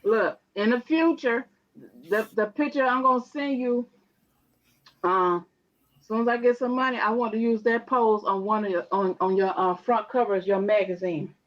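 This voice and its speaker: A married woman joins a casual chat, telling a story in a chatty, conversational way. Her fairly high voice comes through dull and lo-fi. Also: normal speed. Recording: dull lo-fi audio.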